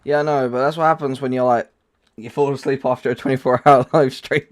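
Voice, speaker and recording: A man hosting a gaming livestream in loose, casual chat. His voice sits at an ordinary middle pitch, and he rambles, restarting sentences and filling gaps as he goes. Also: steady tone, a little fast. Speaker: livestream host.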